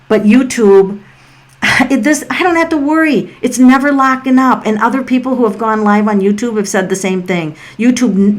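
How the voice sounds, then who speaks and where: Chatty middle-aged woman reading tarot live. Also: mid-range voice. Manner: chatty and rambling, often breaking into laughs. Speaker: tarot reader hosting a live stream. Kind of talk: casual livestream chat while giving readings. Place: at home on a farm. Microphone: laptop built-in mic.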